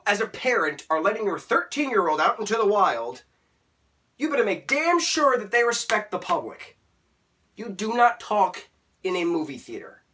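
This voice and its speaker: Animated young man ranting from a distance. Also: sits high. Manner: animated, exasperated storytelling. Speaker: movie reviewer. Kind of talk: ranting vlog review.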